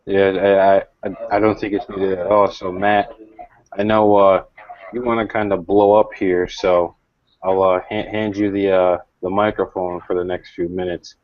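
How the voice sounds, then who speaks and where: Low-voiced man hosting, dry lo-fi sound. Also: no echo. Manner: halting, many fillers, calm and critical. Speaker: show host. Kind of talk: casual panel review. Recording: dry, dull lo-fi audio.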